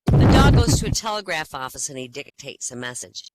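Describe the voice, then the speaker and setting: A woman's voice: very deep voice, very animated, fairly quick, a little mellow. A woman leading a group joke session who tells jokes one after another and acts out the characters.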